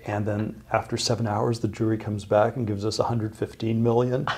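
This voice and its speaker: A middle-aged man speaks as an interview guest, his voice gravelly with a husky edge. He talks haltingly, circling back with ums, uhs and restarts as he tells his story. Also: on the low side, flat delivery, dark tone. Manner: halting, many fillers and restarts.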